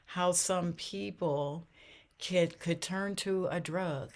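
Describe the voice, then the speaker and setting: A woman's voice: fairly low pitch, takes it slowly, a little mellow. An older woman telling her personal faith story as an interview guest, earnest, often repeating her phrases, her voice swelling and dropping with emotion. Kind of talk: personal faith testimony in conversation.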